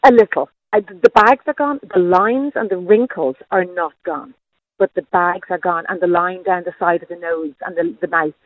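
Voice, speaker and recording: A woman's voice: fairly low pitch, normal speed, no echo. A woman in her late forties calling into a radio show, telling a long rambling story full of asides. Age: 40s. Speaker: caller. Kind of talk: phone-in call. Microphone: phone. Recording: tinny phone line.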